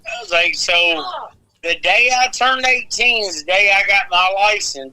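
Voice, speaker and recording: A man in his forties, rambling through old wrestling stories with plenty of swearing and laughter. His voice sits high and very bright. The delivery is loose and conversational. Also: poor audio. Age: 40s. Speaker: wrestling podcast co-host. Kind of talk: casual storytelling chat.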